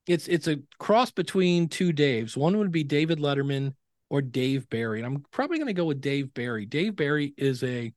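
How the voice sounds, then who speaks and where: Animated storytelling middle-aged man, dry sound. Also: a little high, normal speed, no echo. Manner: animated storyteller who acts out quoted dialogue. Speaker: podcasting expert guest. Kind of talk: casual interview conversation.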